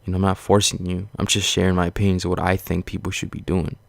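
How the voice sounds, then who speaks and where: A man talks straight to his viewers in a casual, swearing, looping rant that stays reassuring. His voice is very low and gravelly, with a flat, narrow melody. The sound is dry and close, with no room echo. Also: fast talker. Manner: blunt, profane, rambling and repetitive; earnest, reassuring. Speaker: vlogger. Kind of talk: casual motivational rant to camera.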